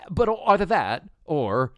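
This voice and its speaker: A man co-hosting a podcast in casual chat, lively and laughing often, with many fillers. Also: fairly high pitch, unhurried, no echo, studio quality. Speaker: podcast co-host.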